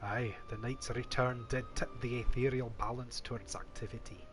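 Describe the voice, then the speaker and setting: A man's voice: medium pitch, fairly even intonation, moderate pace, noisy background, lightly acted. A man voicing a male game character in a put-on Scottish accent, with lofty, archaic phrasing. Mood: solemn.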